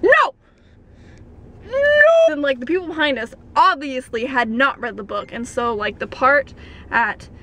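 A young woman chatting excitedly about a film in a parked car. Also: high-pitched, normal speed, rough recording. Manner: gushing, bursts into loud acted quotes. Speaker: vlogger. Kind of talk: excited casual chat.

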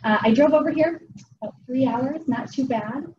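A middle-aged woman from Wisconsin tells a light, funny story to a room as a guest speaker. Her voice sits a bit high and keeps checking in with the audience. The recording is dull, noisy and distant, with a lot of room echo. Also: moderate pace. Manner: chatty, humorous, keeps checking in with "right?". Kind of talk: storytelling presentation. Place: meeting room.

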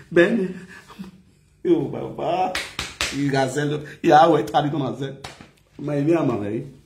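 A man's voice: fairly high pitch, darkish tone. A man chatting casually in a playful sing-song way, mixing languages, chanting and laughing often. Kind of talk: casual livestream chat with singing and chanting. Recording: echoey room.

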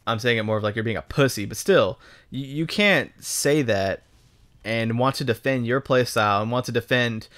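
Young man, from Texas, gaming commentary, casual, rambling, swears a lot, lots of ums, medium pitch. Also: moderate pace, fairly bright tone. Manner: rambling and profane, full of ums and restarts. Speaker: gaming YouTuber. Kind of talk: casual commentary over gameplay.

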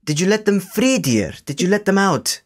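A scambaiter on a prank call, a man putting on the voice of a fussy old grandmother who scolds, rambles, and tacks "dear" onto almost every line. His pitch is high, his delivery expressive, and his pace moderate.

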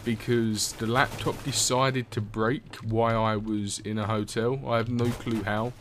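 A man's voice: on the low side, level tone, measured pace, a bit bright, a little hiss or hum. Rambling young man commentating a game. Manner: rambling, swears often, laughs at own stories. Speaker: gaming commentator. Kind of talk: casual gameplay commentary.

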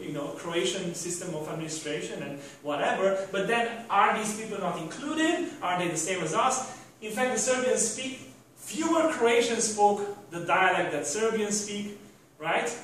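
A man's voice: high voice, fairly bright tone, slight background noise. A man giving a university lecture, rambling with restarts and rhetorical questions to the class. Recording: echoey room from a distant mic.

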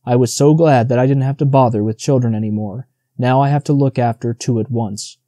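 A man's voice: mid-range voice, fairly even intonation, brisk, mellow, no echo, studio quality, natural voice. A man voicing a cheerful, wry old female deer in an audiobook. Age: older.

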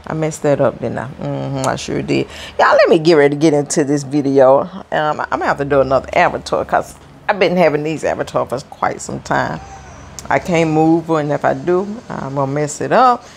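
A woman's voice: low voice, moderate pace, creaky, a little hiss or hum. A woman, chatting to her viewers from her apartment in a rambling way, often repeating her words. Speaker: vlogger. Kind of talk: casual rambling chat to viewers.

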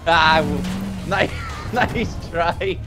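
A man's voice: a little high, very slow. A young man gaming with a friend, teasing him, swearing and laughing often. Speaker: gaming YouTuber. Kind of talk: gameplay banter. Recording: game music behind.

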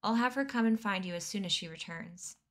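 A woman reading aloud voices a brisk, reassuring grown woman. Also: medium pitch, lightly acted.

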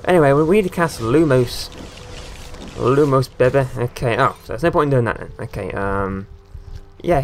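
A man giving casual, rambling commentary as he plays a video game, often talking straight to the characters on screen. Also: medium pitch. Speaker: gaming video creator. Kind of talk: casual let's-play commentary.

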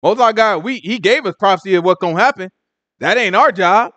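Animated colloquial male Bible teacher. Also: high voice, a little fast, no room sound. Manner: animated, colloquial, mimics people in different voices. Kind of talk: casual sermon teaching.

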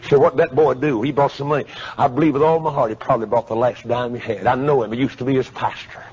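A man preaching a revival sermon, swinging from quiet pleading to shouting. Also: medium pitch, fairly even intonation, quick pace, breathy edge. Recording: muffled lo-fi sermon tape.

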